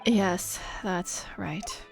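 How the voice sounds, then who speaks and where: A woman's voice: on the high side, a little slow, soft background music, lightly acted. A woman voicing a sly young male reporter in a game, confessing earnestly and flaring up defensively.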